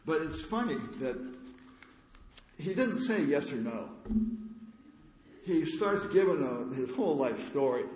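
A man's voice: a little high, expressive, normal speed. A middle-aged man preaching a sermon in a conversational, folksy way, with humorous asides. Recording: echoey hall, faint background noise.

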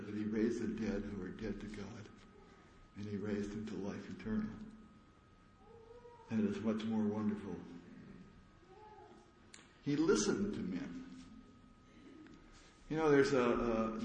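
A man's voice: fairly low pitch, a little mellow. A middle-aged man preaching a sermon in a conversational, folksy way, with humorous asides. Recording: echoey hall, faint background noise.

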